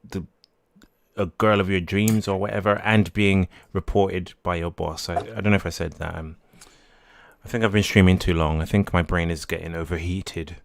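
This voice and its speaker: A man's voice: sits low, steady tone, normal speed, creaky. A man hosting a live podcast stream, chatting casually and reading viewer messages aloud, often restarting and correcting himself. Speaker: livestream podcast host.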